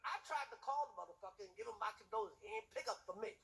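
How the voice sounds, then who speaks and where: A man's voice: very high voice, expressive, fast talker, creaky, hardly any pauses, a bit bright, poor audio. A man doing a stand-up comedy routine, ranting emphatically and profanely, hammering his punchlines with repetition.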